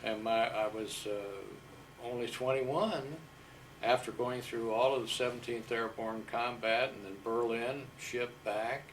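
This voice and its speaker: An older man from Iowa, a war veteran, unhurriedly recounting his service with fillers and pauses. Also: medium pitch, level tone, recorded from a distance, a little hiss or hum, rough recording. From Iowa, USA. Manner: unhurried, humble storyteller with fillers. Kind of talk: storytelling interview.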